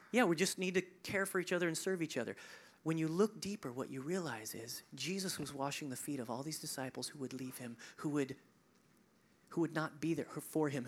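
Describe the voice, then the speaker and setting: A male pastor preaching a sermon, conversational and animated, swinging between emphatic peaks and hushed, near-whispered lines. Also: fairly high pitch, slightly rough. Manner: conversational asides, chuckling.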